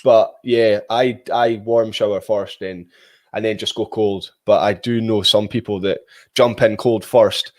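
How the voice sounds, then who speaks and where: A man's voice: on the low side, a little slow. Scottish man chatting, fillers galore. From Scotland. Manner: relaxed, rambling with frequent fillers and restarts. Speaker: guest. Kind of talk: casual video call chat.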